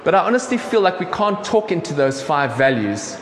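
South African pastor preaching in an echoey hall. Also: male voice, on the high side, big pitch swings, brisk. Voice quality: conversational, frequent ums and restarts. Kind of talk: sermon. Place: church hall. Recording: echoey church hall with faint room noise.

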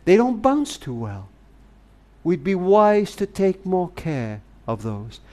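An older man, a speaker and author, tells a heartfelt story tenderly to a grandchild he calls darling. His high-pitched, mellow voice moves slowly with big swings in pitch.

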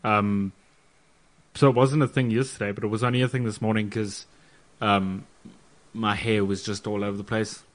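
A man's voice: fairly low pitch, level tone, moderate pace, long pauses. A male podcast co-host who talks in a sheepish, self-deprecating way. He hesitates often and pads his sentences with ums. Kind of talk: casual podcast chat.

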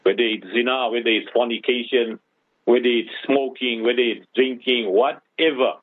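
A man's voice: mid-range voice, fairly even intonation, normal speed, no echo. A male radio host giving religious advice to callers and listeners, preaching with rhetorical questions. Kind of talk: radio Islamic advice talk. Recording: tinny phone-line sound, dry.

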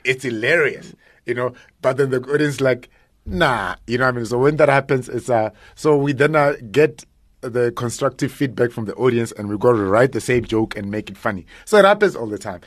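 Animated comedian, dry studio. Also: male voice, mid-range voice, brisk, no echo. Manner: animated, laughs often, acts out jokes. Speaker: stand-up comedian guest. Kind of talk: casual radio interview. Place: radio studio.

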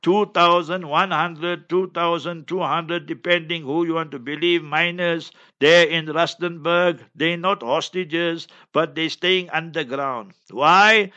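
Male, South African accent, fiery commentator, bright tone, muffled recording. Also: a little high, fairly even intonation, slow, few pauses. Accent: South African English. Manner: forceful, indignant, mocking quoted voices. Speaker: religious speaker giving commentary. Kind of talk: impassioned commentary on current events.

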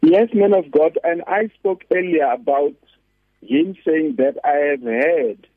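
A man's voice: on the high side, a little slow, no echo. A man, a pastor and guest on a radio talk show, preaching earnestly and repeating scripture lines for emphasis over a phone line. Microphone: phone call-in.

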